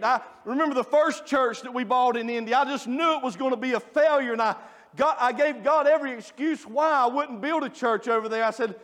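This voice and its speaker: High-voiced preacher in a reverberant church. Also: male voice, a little fast. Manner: folksy, joking, animated storytelling. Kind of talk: sermon. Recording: long reverb of a church hall.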